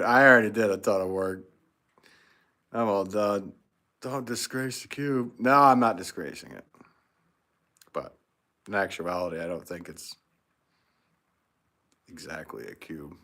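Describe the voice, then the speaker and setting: This American host's voice is on the low side, pushed and bright. He's running a laid-back pottery livestream, reading viewers' comments, joking, and chuckling a lot.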